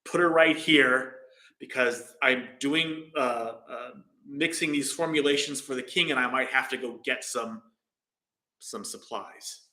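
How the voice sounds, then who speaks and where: A man voicing a clever, calm court physician in a dharma talk, casual, matter-of-fact and persuasive. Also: mid-range voice, a little slow. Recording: roomy echo.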